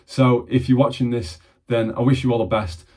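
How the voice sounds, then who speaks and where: Earnest husky man talking to camera. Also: medium pitch, flat delivery, normal speed, dark tone. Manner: earnest, repeats words as he restarts phrases. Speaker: mentor and vlogger. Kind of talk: reflective talk to camera.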